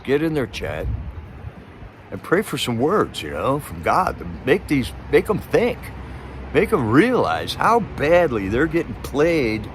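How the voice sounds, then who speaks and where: A man hosts a live stream and talks loosely with many restarts. His asides are sarcastic, and his voice sits at an ordinary middle pitch. A faint hum of noise runs underneath. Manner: rambling, sarcastic, with frequent restarts. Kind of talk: casual rambling chat.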